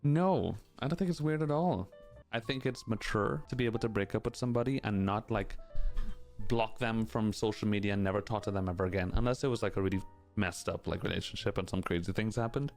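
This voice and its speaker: Low-voiced man rambling candidly. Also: brisk, creaky, a little mellow, soft background music. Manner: candid, rambling, full of "like" and "you know". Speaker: streamer answering chat questions. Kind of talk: casual chat.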